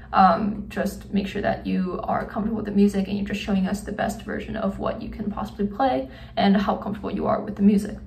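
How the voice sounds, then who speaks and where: Young woman, casual drum lesson, relaxed and chatty, faint background noise, roomy. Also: mid-range voice, gravelly, distant mic. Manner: counts beats aloud while drumming; relaxed, many fillers. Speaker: student drum instructor. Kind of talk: casual instructional demo. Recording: echoey room, off-mic, faint noise.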